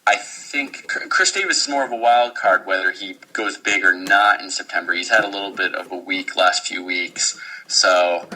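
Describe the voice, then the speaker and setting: A man's voice: sits low, bright, forceful tone, slight background noise, low-quality recording. A man hosting a podcast about fantasy baseball in casual chat, asking questions and joking. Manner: quick, joking, asks questions.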